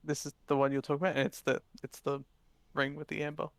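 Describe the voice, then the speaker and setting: A man voicing a meek, tired male shop assistant who talks quietly and hesitantly in a tabletop game. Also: mid-range voice, completely flat delivery, fast, no room sound, close to an everyday voice.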